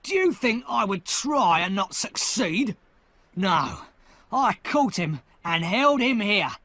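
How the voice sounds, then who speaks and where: A man reading an audiobook, voicing a hard, defiant escaped convict who talks loudly and forcefully. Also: high voice, big pitch swings, slow pace, dry recording, voice pushed up, heavily acted. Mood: scornful. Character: fierce hard old male escaped convict.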